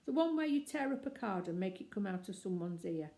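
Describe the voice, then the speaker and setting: A woman reading aloud and voicing a kindly, gentle older male shopkeeper. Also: medium pitch, lively intonation, brisk, lightly acted. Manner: gentle, protective.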